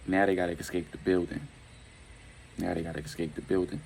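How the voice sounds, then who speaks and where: A man's voice: deep voice, fairly even intonation, a little fast, creaky, darkish tone, poor audio. A man telling a gritty street story casually, full of slang, slipping in and out of quoted dialogue.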